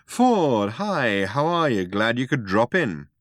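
A man's voice: mid-range voice, huge pitch swings, normal speed, a bit bright, no room sound, studio quality. A man reading aloud and voicing a brash, breezy two-headed alien man who gets flustered and evasive. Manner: casual and evasive, stammering when caught out.

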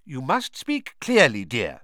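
A man's voice: mid-range voice, wildly swooping pitch, slow, pushed and bright, dry recording, clean studio sound, pitched above the performer's own voice, full character voice. A man voicing a fussy, anxious middle-aged witch who dotes on the children. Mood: fussing. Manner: anxious, doting, fussing.

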